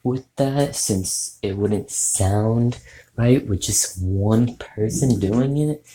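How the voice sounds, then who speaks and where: A man with a low, dark voice talks slowly through a casual tutorial on voice impressions. He rambles loosely and fills his talk with restarts and filler words. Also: slight background noise, low-quality recording. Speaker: YouTuber giving tips on voice impressions.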